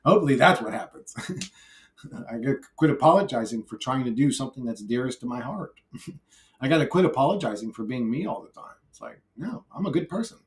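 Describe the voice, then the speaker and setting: A man's voice: medium pitch, lively intonation, a little fast. A man vlogging alone in a brash, rambling monologue, swearing freely and laughing often. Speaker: YouTuber. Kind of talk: rambling solo vlog monologue.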